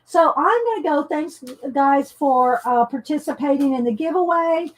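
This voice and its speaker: A woman's voice: high-pitched, expressive, normal speed. A woman with a Southern US accent hosting a casual live stream, chatty and laughing often as she talks to viewers by name. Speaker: channel host reading prompts to live viewers.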